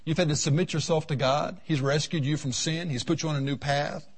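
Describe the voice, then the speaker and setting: A man preaching a seminar sermon, telling folksy stories from his marriage and acting out the voices in them, with a husky voice. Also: a little high, steady tone, a little fast. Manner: folksy storytelling, voices the Lord and his wife. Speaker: seminar speaker. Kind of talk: sermon with acted anecdotes.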